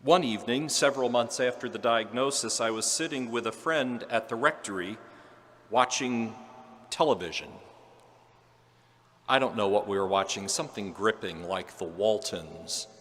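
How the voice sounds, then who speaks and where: Priest preaching in an echoing church. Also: male voice, on the low side, normal speed, a little hiss or hum. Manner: storytelling, gentle and earnest with quiet humor. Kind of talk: homily. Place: large church. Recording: long church reverb.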